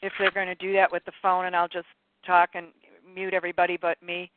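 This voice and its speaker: A woman's voice: lowish voice, completely flat delivery, fast talker, no room sound, phone-quality sound. A woman leading a spiritual teaching session over a group call, talking in a meandering, chatty way and often correcting herself. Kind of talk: live spiritual teaching talk to callers.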